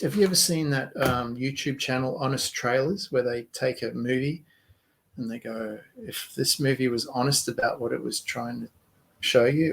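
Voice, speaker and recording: A man's voice: medium pitch, creaky, low-quality recording. A man leading a group discussion, explaining ideas in a reflective way and laughing easily. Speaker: workshop leader.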